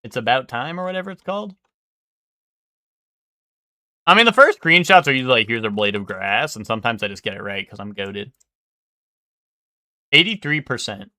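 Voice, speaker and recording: A man's voice: mid-range voice, lively intonation, a little fast, pushed and bright, dry recording, studio quality. A young man streaming live, thinking aloud and guessing in casual, swearing chatter.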